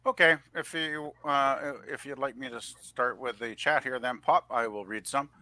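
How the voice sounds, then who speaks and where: A man with a bright, smooth voice co-hosting a casual live stream. He reads viewer comments aloud, chuckling and filling pauses with "uh." The sound is dry and close. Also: mid-range voice, steady tone, no room sound. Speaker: co-host reading the chat. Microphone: remote call on a streaming panel.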